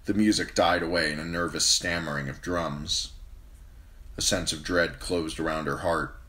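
Low-voiced male hobby reader, steady fantasy narration. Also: moderate pace. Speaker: amateur audiobook reader. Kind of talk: reading a fantasy novel aloud.

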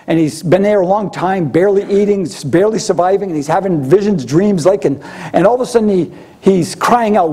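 A man delivering a sermon in a conversational, storytelling manner. His voice sits high for a man, yet it is mellow and slightly husky. He often slips into the voices of the people he quotes. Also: brisk. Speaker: preacher.

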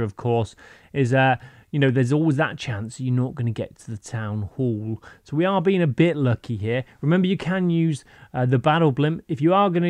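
A man's voice: medium pitch, a little mellow, no room sound. A man hosting a gaming channel, giving playful, rambling gameplay commentary with goofy asides over a voice-over mic.

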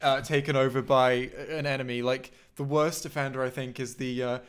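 A man's voice: medium pitch, level tone, moderate pace, smooth. A man co-hosting a podcast in casual chat, rambling and blunt, swearing now and then. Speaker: podcast co-host.

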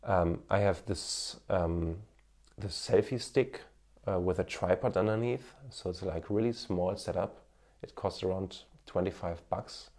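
A low, slightly mellow voice comes from a man speaking a little slowly. He's a marketing coach in his thirties who used to work as a TV cameraman, and his German accent carries a faint Indian tinge as he earnestly encourages viewers to camera with many fillers. A smartphone with an external mic records him.

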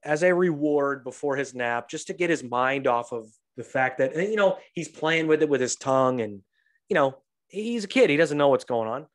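A man and young father telling profane, animated stories on a casual podcast, acting out the voices of the people in them. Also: mid-range voice, normal speed. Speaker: podcast co-host; father of a toddler. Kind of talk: casual storytelling.

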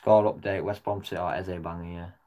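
A man reacting live to a football match as a fan vlogger. He swears often and swings between muttered comments and loud yells at the referee. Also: sits low, steady tone, fairly quick, muffled recording, background noise.

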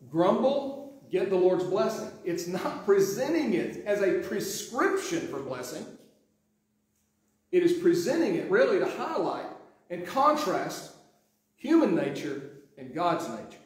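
A pastor from Sweetwater, his voice on the high side and darkish, gives a sermon in a heavily echoing sanctuary. He keeps it conversational with lots of restarts and acts out the quotes he reads.

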